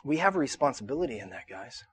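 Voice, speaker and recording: A male pastor in his thirties preaching a conversational sermon to a room, repeating himself and rising to shouts in his stories. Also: medium pitch, big pitch swings, fast talker. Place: church auditorium.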